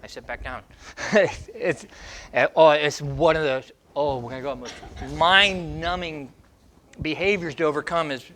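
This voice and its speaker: A dog trainer answers viewer questions in a fairly high, bright and forceful voice. He is emphatic and acts out training steps in short fragments. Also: unhurried. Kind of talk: Q&A advice segment.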